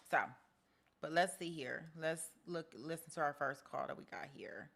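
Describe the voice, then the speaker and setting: A woman's voice: low-pitched, moderate pace, creaky, fairly bright tone. A woman hosting a true-crime commentary show, talking casually with lots of restarts. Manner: casual, chatty, many restarts. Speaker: host.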